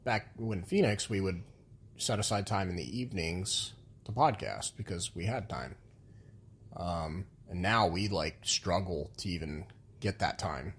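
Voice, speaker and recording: Deep husky man podcaster. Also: measured pace. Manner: frank, rambling, swears casually. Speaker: podcast co-host. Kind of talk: casual couple's podcast chat.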